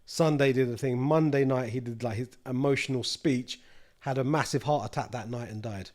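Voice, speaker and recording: London guy, podcast guest, chatty slangy storyteller, mid-pitched voice. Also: normal speed, a little mellow. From East London. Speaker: guest, snack brand co-founder. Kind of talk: casual storytelling.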